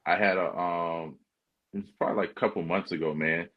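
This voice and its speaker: A man hosting a podcast, telling a story in a relaxed, slangy way. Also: low-pitched, fairly quick. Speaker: podcast host. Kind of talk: casual storytelling. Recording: dull lo-fi sound.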